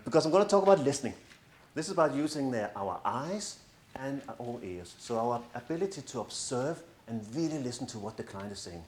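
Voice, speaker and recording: A middle-aged man speaking as a coach to an audience, earnest and persuasive, with a touch of self-mocking humor. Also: mid-range voice. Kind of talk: presentation to an audience. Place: large room in front of an audience. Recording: echoey room.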